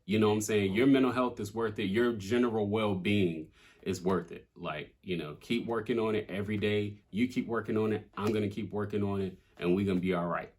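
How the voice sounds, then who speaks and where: A man's voice: lowish voice, steady tone, brisk, a little mellow. A young adult man, a rapper, talking candidly and casually about his own song, with plenty of swearing and fillers. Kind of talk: casual reflective talk.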